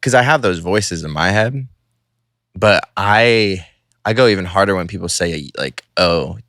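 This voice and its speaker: A man's voice: low voice, moderate pace, a bit bright, dry recording, clean studio sound. A man co-hosting a podcast in casual chat, loose and swearing, laughing easily. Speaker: podcast co-host.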